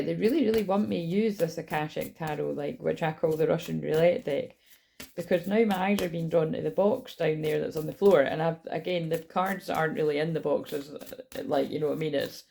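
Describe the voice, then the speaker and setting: A woman with a gravelly, slightly sore-throated voice, rambling casually as a tarot reader channeling messages. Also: dark tone. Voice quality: gravelly low voice. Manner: rambling, self-correcting, chatty. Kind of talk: casual spiritual channeling talk.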